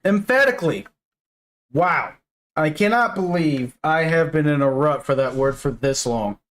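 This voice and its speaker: This gamer speaks in a low, unhurried voice with a little background noise behind her. She's playing a story game, voicing its lines and mixing in joking, swearing let's-play commentary.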